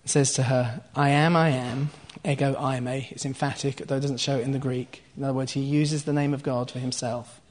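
The man's voice is mid-range and flat, and he moves briskly with few pauses. He preaches in a conversational teaching mode, retelling a scripture passage and explaining it line by line, tossing in asides to listeners and soft laughs.

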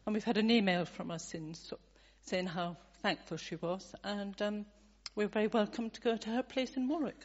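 Woman, church member, soft-spoken, brief story, muffled recording. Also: mid-range voice, normal speed, few pauses. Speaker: church member sharing a testimony. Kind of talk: casual storytelling to a congregation.

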